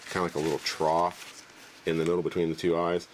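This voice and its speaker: Deep-voiced man demonstrating a trick. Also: fast talker, a little hiss or hum. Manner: relaxed, rambling, joking. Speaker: magic trick presenter. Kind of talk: casual demonstration.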